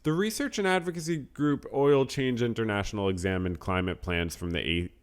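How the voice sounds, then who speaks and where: A man's voice: mid-range voice, brisk, clean tone. A man hosting a podcast in a casual, rambling way, reading out supporter names and news, often trailing off into self-deprecating mutters. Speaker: podcast host.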